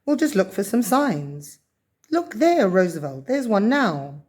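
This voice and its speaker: A woman's voice: mid-range voice, very animated, measured pace, darkish tone, breathy edge. A woman voicing a confident, bossy young girl who talks in a sure, matter-of-fact way, in a storybook reading.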